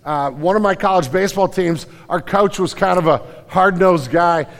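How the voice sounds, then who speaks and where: A middle-aged man preaches a sermon in a folksy, storytelling way, often restarting his sentences. His voice sits fairly high for a man. A long reverb from a large church hall trails behind every phrase. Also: moderate pace. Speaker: pastor.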